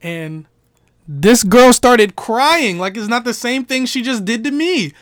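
Male friend, animated storyteller who voices classmates, casual group podcast. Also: very high voice, unhurried, no room sound, studio quality.

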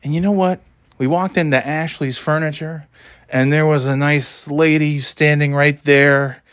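A man's voice: fairly high pitch, steady tone, unhurried, fairly bright tone, dry recording. A man telling a rambling, profane story in a casual, exasperated way, laughing as he goes.

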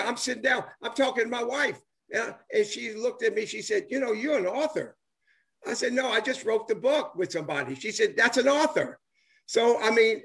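A man's voice: sits high, vocal fry, fairly bright tone. An older man, a former ballplayer talking casually and enthusiastically, rambling with many restarts and fillers. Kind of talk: casual chat on a live stream.

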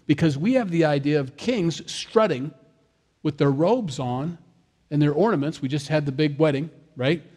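A man's voice: medium pitch, a little mellow. A man, a father of young kids, preaching a sermon in a conversational way, with jokey asides and acted-out quotes. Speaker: pastor.

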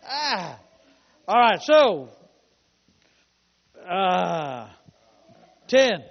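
A man preaching a sermon as pastor, fervent, with shouted declarations and call-and-response. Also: sits high, expressive, normal speed. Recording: long hall reverb, dull lo-fi sound.

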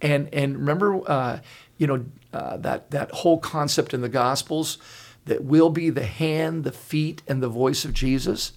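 Unhurried and pitched on the high side, this older male pastor hosts a casual podcast chat. He tells stories earnestly and with animation, frequently breaking off and starting over.

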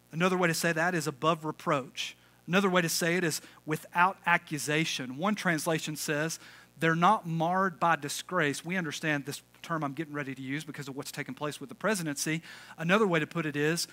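A male pastor preaching a lively, conversational sermon, calling out to the congregation. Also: fairly high pitch. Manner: energetic, conversational, calls for audience response.

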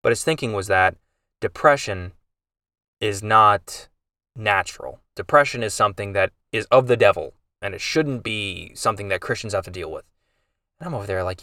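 A man's voice: on the low side, moderate pace, bright, forceful tone, dry recording, recorded from a distance. A man hosting a podcast, telling an emotional family story in a rambling, casual way with many restarts. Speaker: podcast host.

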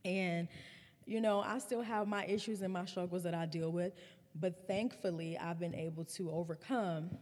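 A woman in her thirties hosting a podcast, telling a personal story in a candid, animated way. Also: on the low side, moderate pace, long reverb tail. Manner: candid, animated retelling with laughs and swearing. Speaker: podcast host.

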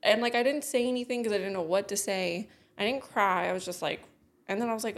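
A woman's voice: mid-range voice, quick pace, vocal fry. A woman co-hosting a podcast, telling a personal story in blunt casual chat with lots of swearing. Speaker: podcast co-host.

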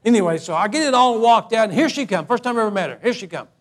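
High-voiced preacher man spinning a yarn. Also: very fast. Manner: animated, folksy, repeats words while building a story. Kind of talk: sermon with humorous storytelling.

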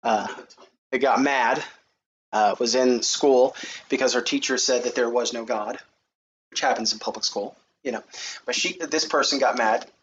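A man's voice: fairly even intonation, normal speed. Lo-fi recording of a male preacher. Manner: rises to loud, high reading of scripture, then talks casually. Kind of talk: sermon. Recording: dull, lo-fi recording with faint noise.

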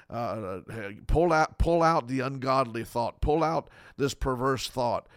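A man's voice: medium pitch, unhurried, no room sound, clean studio sound. A man preaching as a pastor, earnest and pleading, stacking up short repeated phrases. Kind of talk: sermon.

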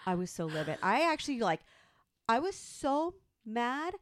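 A woman in her thirties telling a story in casual chat, animated and profane, acting out the quotes. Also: a little high, moderate pace, no echo. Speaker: podcast co-host.

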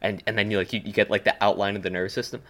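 A man with a very low voice co-hosts a relaxed podcast chat. He rambles, restarts sentences and leans on fillers, getting animated as he makes his points. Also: very fast. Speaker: podcast co-host. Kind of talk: casual chat. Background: desk smacking.

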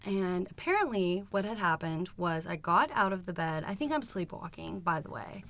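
A woman's voice: lowish voice, big pitch swings, moderate pace, fairly bright tone. A young adult woman co-hosting a podcast, telling a rambling, frank and profane story in casual chat and laughing often as she goes. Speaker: podcast co-host.

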